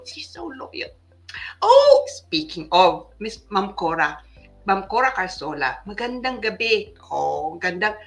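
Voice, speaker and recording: A woman's voice: medium pitch, bright, forceful tone, rough recording. A woman hosting a live legal show, chatting casually with viewers and slipping phrases into her English. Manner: chatty, mixes Filipino phrases with English, frequent "no?" tag. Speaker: lawyer and host of a weekly legal show.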